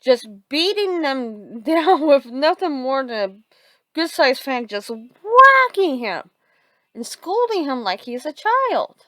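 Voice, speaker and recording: A woman's voice: sits high, very animated, pushed and bright, no room sound, poor audio. Woman rambling through a fan story, stops and restarts a lot, dry close sound. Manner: halting, many restarts and fillers. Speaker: fan fiction narrator. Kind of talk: improvised story narration.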